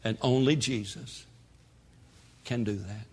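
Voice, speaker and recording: A man preaching a sermon in a church, animated, with sudden shouts and quick asides. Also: fairly low pitch, creaky, slightly rough. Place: church sanctuary. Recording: long hall reverb.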